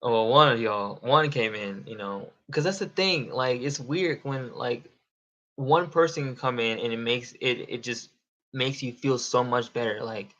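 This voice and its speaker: A man's voice: medium pitch, measured pace, fairly bright tone, dull audio. A young man chatting casually on a live stream, rambling and swearing, often laughing. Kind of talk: casual livestream chat.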